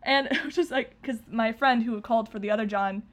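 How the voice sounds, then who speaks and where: A young woman co-hosting a podcast chats casually but sounds nervous, rambling with fillers and restarts and laughing often. Her voice is a little high, and her pace is brisk.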